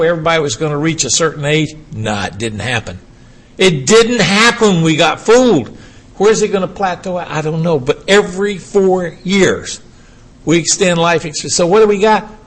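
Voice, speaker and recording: An older man giving a urology lecture to an audience, emphatic and animated, firing rhetorical questions at the room. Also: a little high, husky.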